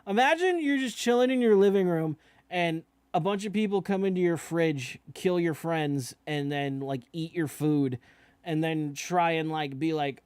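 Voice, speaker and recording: A man's voice: sits high, sing-song, normal speed, clean tone, no room sound, studio quality. A young man talking casually as he reacts to a musical, swearing now and then and often asking "you know what I mean?". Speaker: reaction video host.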